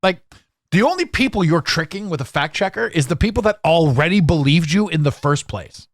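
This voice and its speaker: A man's voice: a little high, brisk, no echo, clean studio sound. Tired, ranting man in his forties. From Canada. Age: 40s. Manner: animated, ranting, sarcastic. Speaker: podcast host. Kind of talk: rambling solo podcast monologue.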